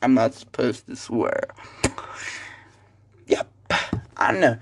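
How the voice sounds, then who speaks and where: A teenage boy talks alone into his podcast mic, rambling from one point to the next. His delivery is casual and animated, packed with fillers and restarts as he tells the story. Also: medium pitch, takes it slowly, long pauses. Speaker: student podcaster. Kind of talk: casual solo podcast monologue.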